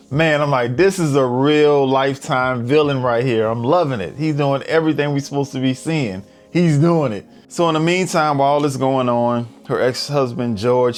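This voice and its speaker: A man reviewing a TV movie, recapping its plot in casual slangy talk and acting out the characters' lines in quick voices. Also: medium pitch.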